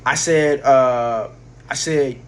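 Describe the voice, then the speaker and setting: A man's voice: medium pitch, fairly even intonation, slow. A man casually telling a personal story, rambling with slang, swearing and frequent restarts. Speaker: vlogger.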